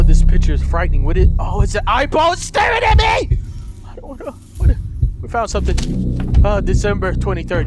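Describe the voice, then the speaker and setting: A young man playing a horror game, talking to his viewers, swearing and yelling in panic at the monsters. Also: high-pitched. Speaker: let's play gamer. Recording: loud game music behind. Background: game music.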